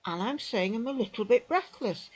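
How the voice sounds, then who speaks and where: A British woman in her sixties, telling her own story to the camera in an emphatic, indignant way, repeating phrases and dropping into quiet asides. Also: a little high, expressive, normal speed, husky, poor audio. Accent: British English. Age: 60s. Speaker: vlogger recounting an experience. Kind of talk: indignant personal account to camera.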